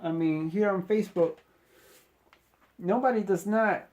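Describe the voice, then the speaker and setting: A middle-aged Navy sailor speaks to the camera in a high-pitched, unhurried, slightly mellow voice. His motivational talk is casual but preachy and rambling, full of "you know" asides, and he exhorts the viewer directly.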